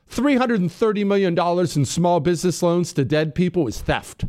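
A man hosting a talk radio show, emphatic and sarcastic, swinging from loud mockery to low, intense points. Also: expressive, normal speed, hardly any pauses.

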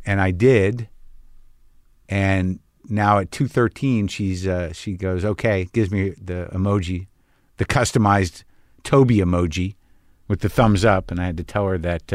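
A man's voice: fairly low pitch, no echo, studio quality. A middle-aged man hosting a show, talking in a rambling comic monologue that is profane, wry and darkly joking. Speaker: podcast host.

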